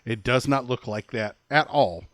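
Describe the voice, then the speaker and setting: A man's voice: mid-range voice, moderate pace, dry recording. A man co-hosting a podcast, telling a funny story in casual chat and laughing often. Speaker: podcast co-host.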